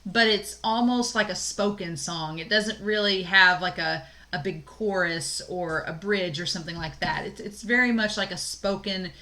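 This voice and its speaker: Young woman instructor, bright tone, casual recorded lecture delivery with fillers. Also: medium pitch, normal speed, few pauses. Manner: casual, explanatory, frequent "um" fillers and light laughs. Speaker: college English instructor.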